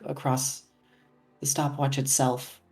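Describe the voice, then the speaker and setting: Quiet woman player describing what her character does, halting. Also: rumbling low, level tone, soft background music. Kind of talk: narrating her character's actions.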